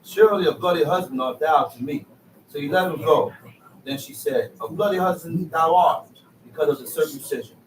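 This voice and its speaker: A man reading scripture aloud in a steady, plain way in a bible study class. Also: fairly high pitch, fairly quick, a little hiss or hum. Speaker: scripture reader. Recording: echoey room, mic far off.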